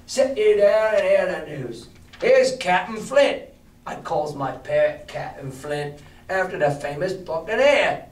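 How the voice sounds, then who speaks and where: A male teacher puts on a sly, hearty old pirate ship's cook who leans on every word in a slow, chummy drawl. The voice sits somewhat high. It is caught from a distance in an echoey classroom. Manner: slow, drawn-out, chummy sea-dog talk. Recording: roomy classroom from far off.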